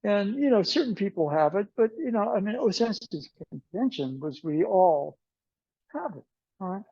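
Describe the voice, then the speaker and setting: Man, aikido instructor, rambling storyteller, mellow tone, dull muffled recording. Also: high voice, very animated, normal speed, gravelly, breathy edge, dry recording. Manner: meandering storyteller who acts out dialogue. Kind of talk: informal class talk with anecdotes. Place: martial arts class.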